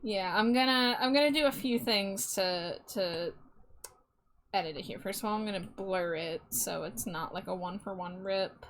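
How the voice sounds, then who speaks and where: A woman's voice: mid-range voice, normal speed. A woman streamer chatting casually while she draws, laughing often between remarks. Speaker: streamer drawing live.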